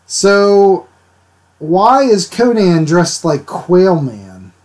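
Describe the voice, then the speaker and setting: A man's voice: high voice, big pitch swings, very slow, darkish tone. A man chatting casually with his livestream viewers while he inks drawings, rambling and laughing as he answers them. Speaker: art livestreamer.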